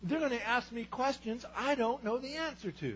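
A man's voice: very high-pitched, normal speed, fairly bright tone, pitched above the performer's own voice. A man acting out Moses as an anxious, self-doubting figure who pleads and protests with a whiny voice, on a slightly muffled recording with a faint hum.

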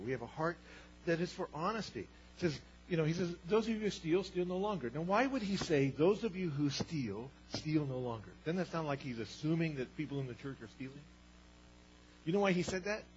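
A man's voice: a little high, muffled recording, slight background noise. A man preaching a sermon as pastor, conversational, asking the congregation rhetorical questions.

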